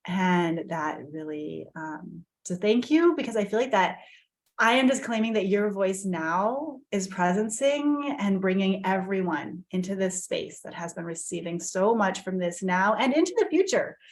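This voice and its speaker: A woman's voice: medium pitch, lively intonation, measured pace. Affirming woman leading a spiritual circle. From lives in Costa Rica. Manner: warm, affirming and gently emotional. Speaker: host of an online women's circle. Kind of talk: spiritual group session on video call.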